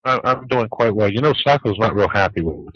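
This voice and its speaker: A man's voice: on the low side, animated, fairly quick, a little hiss or hum. Man teasing the hosts over the phone. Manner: dry teasing humor. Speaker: radio show guest on the phone. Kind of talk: casual call-in talk radio banter. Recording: dull dry lo-fi phone-in audio.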